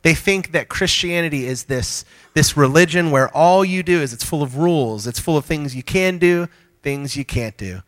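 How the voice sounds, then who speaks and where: A man with a fairly high voice delivers a sermon to a congregation in a church hall. He talks in a lively, conversational way and jokes with the listeners between his points. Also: moderate pace. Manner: joking with the congregation, energetic and conversational. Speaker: pastor.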